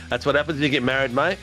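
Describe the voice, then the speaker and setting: A man's voice: mid-range voice, sharp tone. Australian man, race broadcast host, matey banter, light music underneath. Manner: jokey, laughing, matey banter. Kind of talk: post-race interviews.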